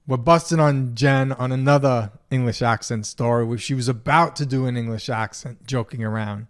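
A man's voice: mid-range voice, moderate pace. A man co-hosting a casual podcast with his wife. He rambles through his stories, laughing often along the way. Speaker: podcast co-host. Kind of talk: casual chat.

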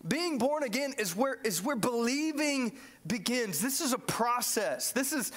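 A man preaching a sermon in a church, animated and joking as he acts out the story. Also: extremely high pitch, measured pace. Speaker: pastor.

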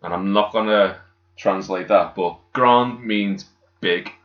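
A man's voice: fairly low pitch, slow pace. A man, co-hosting a podcast in jokey, casual banter. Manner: jokey, does silly voices. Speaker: podcast co-host. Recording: echoey, dull-sounding room.

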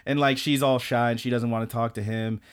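A male podcast co-host recaps an anime in a rambling, loose way, tossing in crude jokes and plenty of "blah, blah, blah." His medium-pitched voice is clear and resonant, fairly even in intonation, and fairly quick.

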